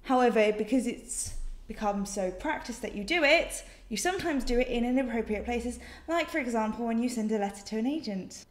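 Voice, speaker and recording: A young woman with a British accent talks straight to camera in a casual vlog. She is sassy and teasing, with a slightly high voice. Her room gives a noticeable echo. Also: lively intonation, fairly quick. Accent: British English. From Britain. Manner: sassy, defensive, jokey. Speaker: vlogger. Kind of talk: casual vlog answering questions. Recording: echoey room.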